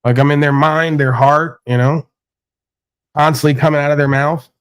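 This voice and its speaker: A man's voice: fairly high pitch, steady tone, moderate pace, clear, resonant tone. A man hosting a live stream, talking in a boastful, rambling, mocking way in crude casual banter.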